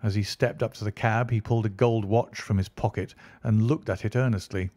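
A man narrating an audiobook in a measured storytelling delivery. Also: on the low side, steady tone, a little mellow, no echo.

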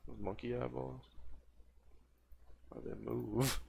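Creaky-voiced man rambling on stream. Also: mid-range voice, flat delivery, slow, a little mellow, a little hiss or hum. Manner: rambling, scattered, trails off mid-thought. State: high after smoking. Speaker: game streamer. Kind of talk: casual rambling stream chat.

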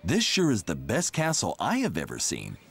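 A man voicing a caring, energetic young mother in a storybook, calling out urgent encouragement. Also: fairly low pitch, normal speed, a little hiss or hum.

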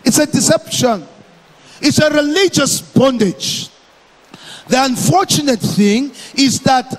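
A man from Malawi preaching a sermon as pastor, emphatic and deliberate, repeating his phrases for effect. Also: very high voice, expressive, in a large hall.

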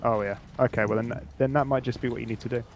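A young man streaming a medieval battle game with friends, swearing and shouting at the action. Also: medium pitch, fairly even intonation, very fast. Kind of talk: casual gaming chat and live reactions. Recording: game noise clearly audible behind.

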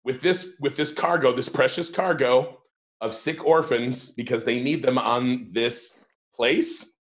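Rambling man thinking out loud. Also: mid-range voice, unhurried. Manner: rambling, thinking aloud with restarts and laughs. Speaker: tabletop game player. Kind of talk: casual tabletop game chat.

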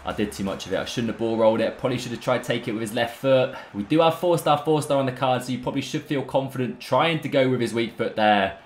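A young man giving excitable live commentary on a football video game, full of banter and calling viewers lads and boys. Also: mid-range voice, fast, hardly any pauses. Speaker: gaming YouTuber. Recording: roomy echo, faint background music.

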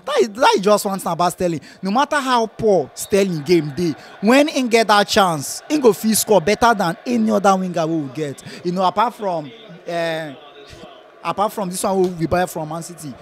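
High-voiced Nigerian fan, Pidgin English. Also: male voice, normal speed. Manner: lively, laughs often, repeats phrases. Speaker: football fan giving match reaction. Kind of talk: casual post-match chat.

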